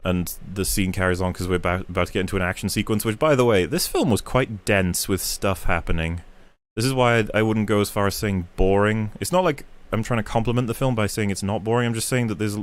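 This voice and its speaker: A man hosting a podcast, retelling film scenes in a rambling, profane, animated way. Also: on the low side, quick pace. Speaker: podcast host. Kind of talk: casual podcast discussion.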